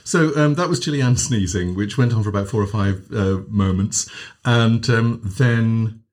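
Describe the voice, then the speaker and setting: A man's voice: lowish voice, unhurried. A man co-hosting a podcast about voice training, chatting casually and enthusiastically, often trailing off mid-sentence. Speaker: podcast co-host, voice coach.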